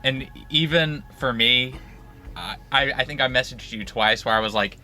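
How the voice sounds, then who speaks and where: A man's voice: mid-range voice, moderate pace, sharp tone. A man co-hosting a casual book club podcast, stumbling over starts and laughing often. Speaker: podcast co-host.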